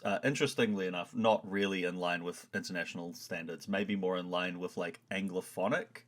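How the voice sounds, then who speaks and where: A man's voice: sits low, fairly even intonation, a little fast, few pauses, a bit bright. A man, a teacher speaking as a podcast's education correspondent, wry and a little hesitant. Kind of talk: casual comedic chat.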